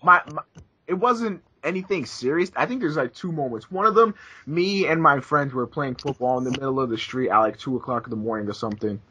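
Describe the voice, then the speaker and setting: A young man hosting a casual podcast, telling crude stories with loud acted-out quotes. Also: medium pitch, brisk, husky. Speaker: podcast host. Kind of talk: casual gaming podcast chat. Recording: dull lo-fi voice chat audio.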